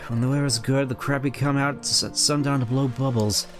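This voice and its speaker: A man's voice: mid-range voice, steady tone, brisk, soft background music, natural voice. A man voicing a friendly young partner Pokémon in a video game, in a plain, earnest and kindly way.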